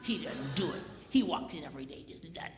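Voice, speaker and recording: A man's voice: a little high, expressive, quick pace, a crowd in the background, pitched below the performer's own voice, close to an everyday voice. A man voicing a fed-up complaining wife. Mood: exasperated. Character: fed-up wife complaining about her lazy husband. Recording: echoey hall reverb.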